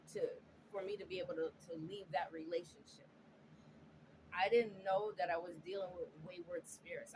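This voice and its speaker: Earnest woman telling a personal story, halting. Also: lowish voice. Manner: halting, repeats words and restarts, earnest. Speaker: storyteller sharing a personal testimony. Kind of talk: emotional first-person storytelling. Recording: clear steady background noise.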